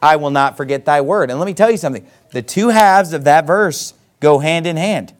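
Slow scripture reading opens this middle-aged man's Bible sermon, which he then explains with folksy emphasis. His voice leans high.

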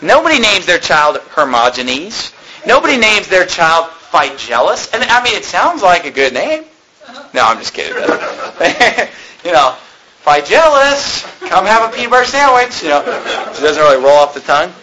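A male preacher with a high, bright, forceful voice delivers a fiery sermon. He climbs into shouts, then drops low and chatty to tell a story. A faint hiss sits under the recording. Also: sing-song, normal speed, rough recording. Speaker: pastor.

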